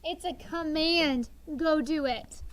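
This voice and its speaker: In a classroom, a woman in her thirties leads sixth graders through call-and-response, lively and encouraging. She speaks slowly, her pitch sitting high.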